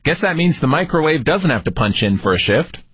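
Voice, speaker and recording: A man's voice: fairly high pitch, sing-song, a little fast, fairly bright tone, breathy edge, no room sound. A man hosting a radio call-in show, teasing and joking with a caller. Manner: playful, teasing. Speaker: radio host.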